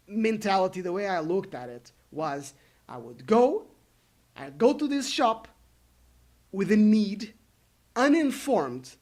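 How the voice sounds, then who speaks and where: A man telling a rant story to his viewers, acting out the people he quotes. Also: sits high. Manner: animated, acts out the people he quotes. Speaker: vlogger.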